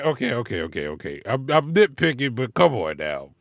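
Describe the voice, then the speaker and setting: A man giving casual, animated reaction commentary from inside his car, laughing and swearing as he critiques. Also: mid-range voice, brisk, hardly any pauses, no echo, studio quality. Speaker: music reaction vlogger.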